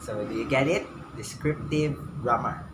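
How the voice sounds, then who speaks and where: A young man with a Filipino English accent, a student teacher explaining a grammar lesson slowly, often repeating himself for emphasis. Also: medium pitch. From Philippines. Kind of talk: classroom lecture. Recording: echoey room with noise behind.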